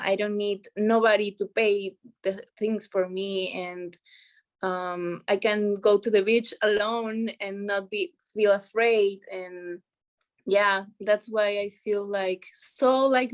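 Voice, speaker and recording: A woman speaking English as a second language, a guest in a casual interview, halting and searching for words. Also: mid-range voice. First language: not English.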